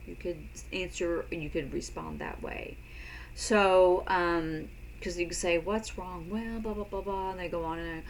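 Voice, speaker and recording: A woman teaching a sign language lesson in a casual spoken style, unhurried and repeating words as she demonstrates signs. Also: fairly low pitch, steady tone, a little hiss or hum, rough recording.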